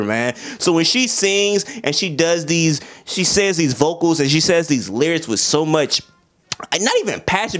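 A young man talks through an album in a loose, casual review, his voice sitting a little higher than most men's. He piles on slang, gets worked up and fired up, and breaks into snatches of the lyrics as he goes. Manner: animated slang-heavy talk, sings along with lyrics. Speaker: music reviewer.

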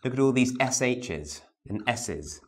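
A man teaching a vocal warm-up lesson. He demonstrates syllables and tongue twisters, repeats them, and gives the learner encouraging instructions. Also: mid-range voice, lively intonation, unhurried, a little hiss or hum. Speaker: speech and voice teacher.

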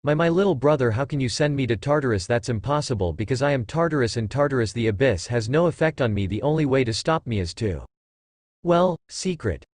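A man's voice: mid-range voice, animated, a little fast, no room sound, clean studio sound, close to an everyday voice. A man voicing a taunting abyss god villain. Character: evil primordial abyss god, mocking villain.

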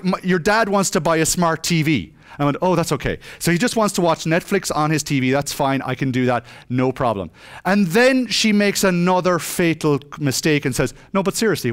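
A man's voice: fairly high pitch, a bit bright. A man giving a comic conference talk on stage, joking and acting out dialogue. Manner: joking, self-mocking, acts out dialogue. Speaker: conference speaker.

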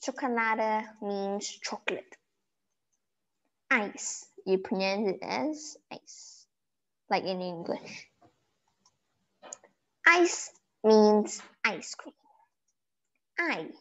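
A woman giving a simple German vocabulary lesson, slowly repeating each word so it can be pronounced. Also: medium pitch, expressive, fairly bright tone. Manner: slow, repeating words to pronounce them. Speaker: German teacher. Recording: dull lo-fi recording.

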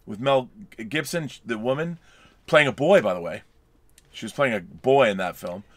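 A man's voice: mid-range voice, animated, moderate pace. A man co-hosting a movie review show, chatting casually and rambling with many restarts and fillers. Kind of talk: casual film review chat.

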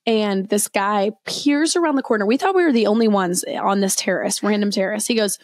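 A woman's voice: medium pitch, a little fast, no room sound, studio quality. A young woman co-hosting a podcast, telling a story in casual chat and often correcting herself mid-sentence. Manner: chatty storyteller, many self-corrections and restarts. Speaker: podcast co-host.

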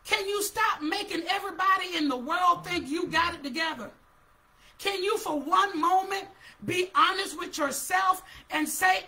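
A woman's voice: very high-pitched, lively intonation, measured pace, pushed and bright. A woman preacher giving a fervent sermon, calling out to her listeners and repeating her words.

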